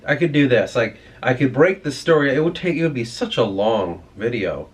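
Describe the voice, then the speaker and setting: A man's voice: medium pitch, expressive, normal speed. A man vlogging in a rambling, profane, ranting monologue.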